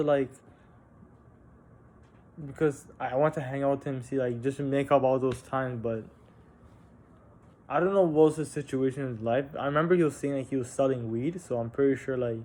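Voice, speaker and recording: A young man casually telling a personal story on a vlog, halting and candid, with frequent restarts, fillers and casual swearing. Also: medium pitch, fairly even intonation, a little mellow. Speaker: vlogger.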